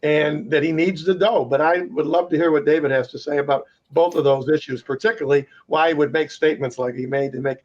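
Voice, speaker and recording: A plainspoken male panel guest who thinks aloud and hedges his opinions. His voice sits a touch higher than most men's. The audio sounds slightly dull. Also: fairly even intonation, brisk, few pauses, darkish tone. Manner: speculative, plainspoken. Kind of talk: panel discussion.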